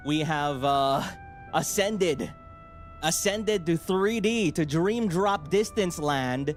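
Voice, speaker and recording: A young man chatting excitedly on a livestream, rambling and jumping between shouting and mumbling. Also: a little high. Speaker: streamer. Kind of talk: excited casual livestream chat.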